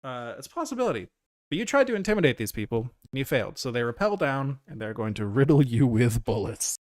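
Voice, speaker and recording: Man, game master, tabletop narration, relaxed, halting with fillers, dry recording. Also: medium pitch, no echo. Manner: relaxed, hesitant with fillers, laughs often.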